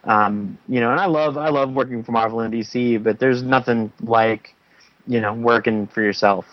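A man's voice: mid-range voice, fairly even intonation, normal speed, no room sound, dull audio. A man talking casually as a podcast guest, with a wry, teasing manner. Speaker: podcast guest, comic writer. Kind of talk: casual chat.

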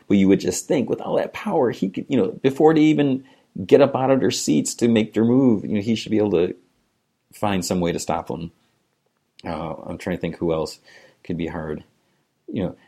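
Hosting a solo podcast, a man with a deep, mellow voice chats casually and reads listener emails. He rambles, chuckles, and drops "you know" constantly.

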